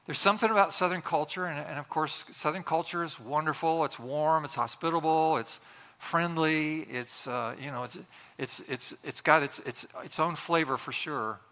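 A man's voice: fairly high pitch, moderate pace, bright, forceful tone, long reverb tail. A man preaching a sermon as pastor, earnest and conversational, often restarting his sentences.

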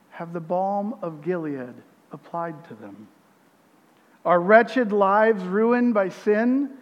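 Pastor guy preaching, slow and deliberate, gets loud on the scripture then goes quiet, big church reverb. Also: high voice. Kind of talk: sermon.

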